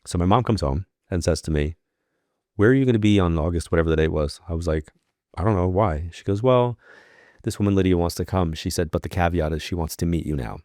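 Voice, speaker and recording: Low-voiced man telling a lively story. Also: quick pace, dry recording, studio quality. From New York. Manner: animated storyteller acting out quoted dialogue. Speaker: podcast guest, psychic medium. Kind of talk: casual storytelling.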